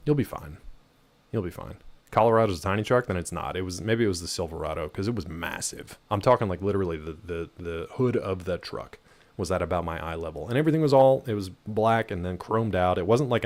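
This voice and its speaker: A gaming streamer with a low, slightly mellow voice gives casual let's-play commentary while he plays. He rambles through a story, leaning heavily on fillers.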